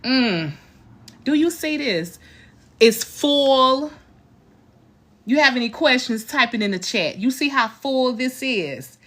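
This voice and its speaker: A woman hosting a casual live-stream hair tutorial, pitching a ponytail in a chatty, animated way and calling her viewers "girl" and "y'all.".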